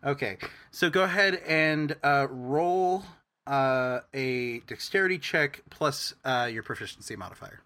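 A man running a tabletop game, speaking slowly and explaining things step by step. His voice has a bright, sharp edge. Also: medium pitch, animated, slight background noise. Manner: measured, explanatory. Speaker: game master.

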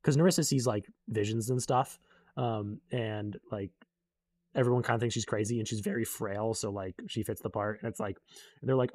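A man's voice: on the low side, fairly even intonation, moderate pace, darkish tone, no room sound. A young man casually recapping a book in a rambling way, full of fillers, and briefly acting out the characters he quotes.

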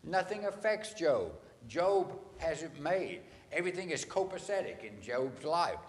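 A man's voice: fairly high pitch, sing-song, measured pace, long reverb tail, voice pushed up. A man voicing Satan as a scheming, mocking male figure, speaking insistently with a raised voice.

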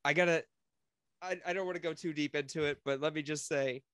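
Male podcast co-host, a bit drunk, fired-up ranter, slightly high voice, dry close mic. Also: fairly quick, smooth, no room sound. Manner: animated ranting, swearing. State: tipsy. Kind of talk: casual chat.

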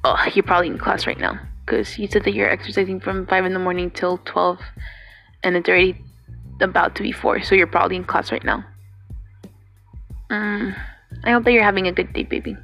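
A woman's voice: mid-range voice, brisk, creaky, long pauses, highs cut off, faint music behind. A young woman recording a personal video message to her partner, rambling and swearing freely, with Spanish words mixed in. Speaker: vlogger addressing her partner.

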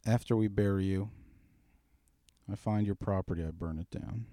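Low, dark-voiced man telling profane tales. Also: a little slow, no echo. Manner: profane, rambling, darkly joking storyteller. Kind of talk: casual chat, spinning a long comic story.

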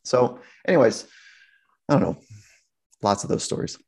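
A man speaking as a sports psychologist guest, telling anecdotes in an animated way, acting out the voices he quotes and laughing often. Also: medium pitch, moderate pace, gravelly, husky. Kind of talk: anecdotal storytelling in conversation.

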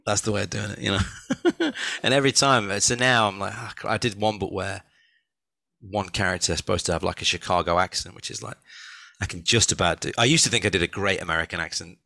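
A man with a low, gravelly voice talks as a guest author, animated and rambling, often restarting his sentences. His tone is bright, and the recording is dry and close. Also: fast talker, no room sound. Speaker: author and audiobook narrator, guest. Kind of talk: casual conversation.

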